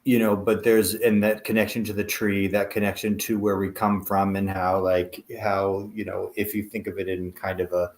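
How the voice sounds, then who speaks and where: A man's voice: deep voice, flat delivery, normal speed, few pauses, roomy sound. A man on a spiritual panel over a video call, speaking thoughtfully and hesitantly, with many fillers.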